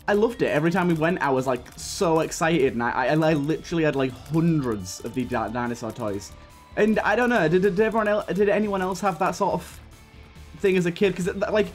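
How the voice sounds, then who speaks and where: A young man hosting a gaming channel, rambling through a childhood story while grumbling at his run. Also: fairly high pitch. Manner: rambling storytelling broken by frustrated outbursts at the game. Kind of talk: gaming commentary. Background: faint game music.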